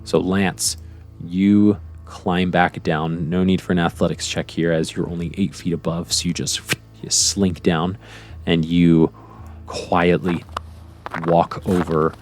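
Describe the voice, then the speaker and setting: A man narrating a tabletop game as game master, rambling in a relaxed way. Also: sits low, slow, soft background music.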